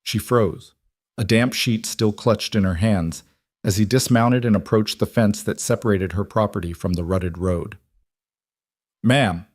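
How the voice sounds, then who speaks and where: A man reads a scripted story at a steady, even pace. His voice sits low and the sound is dry and close. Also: normal speed, no room sound. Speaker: narrator. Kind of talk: scripted narration.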